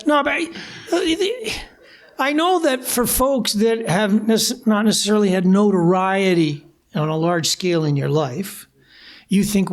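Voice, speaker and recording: An older man from Canada, a guest musician, telling lively anecdotes at a live interview and acting out old phone calls. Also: sits high, a little slow. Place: live bar venue with audience.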